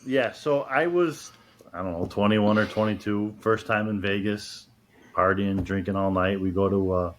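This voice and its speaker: A man with a fairly low voice tells a funny story at an easy, unhurried pace. He pokes fun at himself as he goes. A faint hiss and the odd click sit under his voice. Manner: laid-back, self-mocking anecdote telling. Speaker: podcast guest, retired police detective and village president. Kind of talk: casual storytelling chat.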